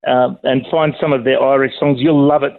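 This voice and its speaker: A man's voice: mid-range voice, flat delivery, brisk, vocal fry. A middle-aged man calling in to a radio show, chatty and enthusiastic, joking around with the hosts. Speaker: caller, radio presenter. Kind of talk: casual chat on a phone call. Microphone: phone. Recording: tinny phone line.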